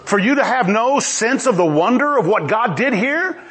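A middle-aged male pastor preaching with a high, very lively voice. He swings up and down in pitch as he exclaims and acts out the voices he quotes. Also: moderate pace. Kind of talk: sermon.

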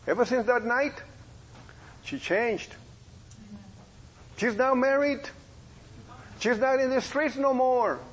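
A middle-aged man, a preacher and police officer, telling a testimony in a sermon as a folksy story with lively quoted dialogue. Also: extremely high pitch, takes it slowly, long pauses, rough recording.

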